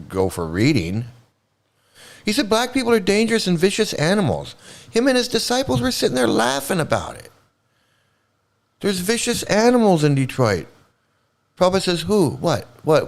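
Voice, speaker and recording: Male streamer host, profane sarcastic rant, animated pitch. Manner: angry, sarcastic, heavy swearing. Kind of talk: profane ranting livestream commentary.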